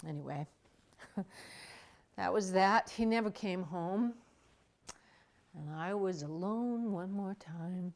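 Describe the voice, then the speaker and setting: An older woman telling a personal story in a wry, dramatic way, soft music behind her. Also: medium pitch, slow pace, long pauses. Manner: wry, dramatic, with acted asides.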